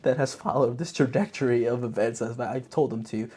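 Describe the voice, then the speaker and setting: A podcast host chatting casually about a movie, slangy and rambling, telling the story in an animated way. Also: medium pitch, a little fast, slightly rough. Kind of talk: casual movie review chat.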